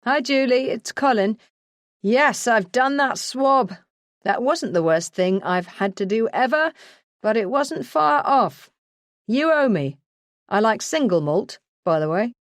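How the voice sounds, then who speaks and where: A woman's voice: on the high side, animated, measured pace, dry recording, voice pushed up. A woman reading the part of a dry, teasing male colleague. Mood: wry. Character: wry male colleague who owes a favour.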